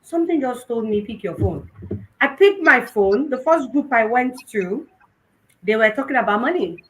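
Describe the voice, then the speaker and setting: Animated Nigerian woman telling her story. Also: on the high side, moderate pace, poor audio. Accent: Nigerian, Yoruba-influenced English. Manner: animated storytelling, switching between English and Yoruba. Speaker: conference speaker. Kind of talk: personal testimony talk.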